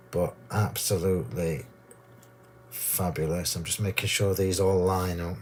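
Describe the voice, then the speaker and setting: A man hosting a card-making demonstration, chatty and gushing, a little hoarse from losing his voice. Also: deep voice, steady tone, measured pace, a little mellow, slight background noise. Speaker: crafting demo host.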